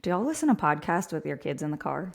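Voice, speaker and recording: A woman's voice: low voice, very animated, fast, vocal fry. A woman in her thirties co-hosting a fitness podcast, giving candid opinions while thinking aloud with lots of fillers. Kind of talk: casual opinionated chat.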